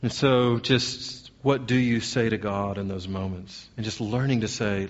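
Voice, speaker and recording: A man's voice: lowish voice, steady tone, measured pace, lo-fi sound. A man preaching as a pastor, earnest, putting question after question to his congregation. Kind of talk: sermon.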